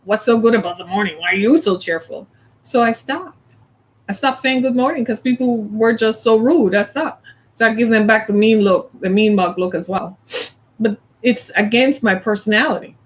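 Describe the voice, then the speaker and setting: A middle-aged woman from the American South, chatting casually as a host, animated and laughing often as she plays out little scenes. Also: mid-range voice. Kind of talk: casual chat.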